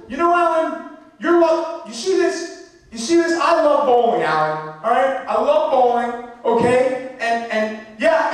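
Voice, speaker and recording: A shrill frantic inventor. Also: male voice. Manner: high-pitched, exasperated, nagging. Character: frazzled whiny man, the vacuum cleaner's inventor. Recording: echoey room from far off.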